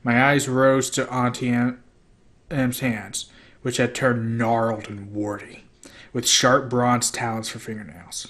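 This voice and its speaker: Male amateur narrator, mid-range voice, steady first-person reading. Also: mid-range voice, slow. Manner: steady first-person storytelling with small slips. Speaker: audiobook reader.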